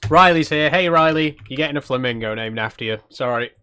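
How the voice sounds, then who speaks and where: A man's voice: a little high, brisk, pushed and bright, smooth. A man streaming a cozy game, chatting casually, laughing often and poking fun at himself. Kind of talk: live stream gameplay commentary.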